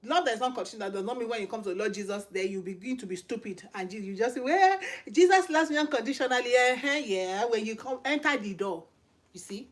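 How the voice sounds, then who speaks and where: A woman's voice: mid-range voice, quick pace, a bit bright. A middle-aged woman with a Nigerian accent, preaching informally and emphatically, firing off repeated rhetorical questions. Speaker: channel host and lay preacher.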